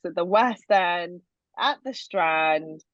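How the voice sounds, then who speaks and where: A woman's voice: lowish voice, lively intonation, slow, dry recording, highs cut off. A woman hosting a podcast interview, bubbly and enthusiastic in casual chat. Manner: bubbly, enthusiastic, lots of "amazing". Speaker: podcast host.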